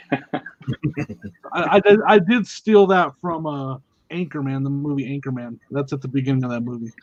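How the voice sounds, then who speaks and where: A man chatting casually as a guest on a live stream, talkative and quick to laugh. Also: medium pitch, no echo, dull audio. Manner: chatty, giggly.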